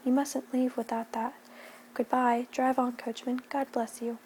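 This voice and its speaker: A woman softly voicing a kind, fussy older spinster schoolteacher in a whispered role-play, flustered and motherly. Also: high voice, flat delivery, a little slow, slight background noise. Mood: flustered kindness.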